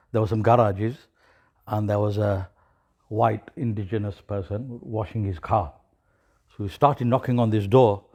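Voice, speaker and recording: A man's voice: on the low side, a little mellow. A man giving a sermon, telling a story in an easy way and rising to emphatic preaching.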